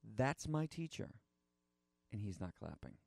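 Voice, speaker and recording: A man voicing a tearful boy piano prodigy, speaking softly and quietly in a sermon story. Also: medium pitch, fast talker, no echo, natural voice. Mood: hushed. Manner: soft, hushed, subdued.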